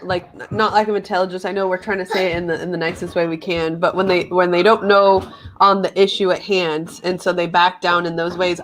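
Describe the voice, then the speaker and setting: Woman, podcast co-host, casual chat, rambling storyteller, medium pitch. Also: slight background noise. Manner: rambling, acts out others' words in storytelling.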